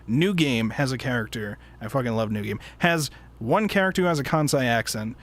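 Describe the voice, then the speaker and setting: A man hosting a casual book club chat, rambling, swearing and laughing as he talks. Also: a little high.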